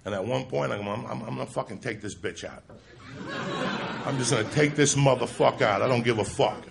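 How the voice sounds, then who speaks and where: A man doing stand-up storytelling from New Jersey, profane and animated, with loud bursts of shouting. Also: medium pitch, brisk, gravelly, roomy sound, very noisy. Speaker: stand-up comedian. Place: comedy club stage with a laughing audience. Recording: live stage recording with crowd.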